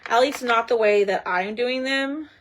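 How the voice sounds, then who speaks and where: A woman's voice: a little high, a little slow, fairly bright tone, a little hiss or hum. A woman hosting a casual crafting livestream, chatting and thinking aloud as she works. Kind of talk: casual live crafting chat.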